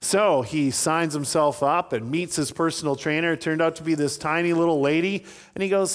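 A man's voice: a little high, moderate pace, few pauses, long reverb tail. A man preaching a sermon as pastor, telling stories and acting out voices in his anecdotes.

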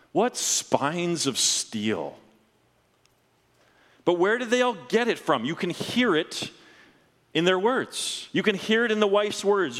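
A man preaches a sermon with a somewhat high voice, telling stories earnestly. He sinks low and slows down when the story turns solemn. His voice rings with the long reverb of a large hall. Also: a bit bright. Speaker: pastor.

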